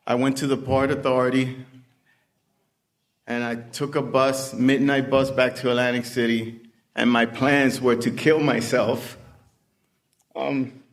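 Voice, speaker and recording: A middle-aged man speaking at a recovery meeting, giving personal testimony in an unhurried, plain-spoken storytelling way with many pauses. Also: mid-range voice. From Puerto Rican family background.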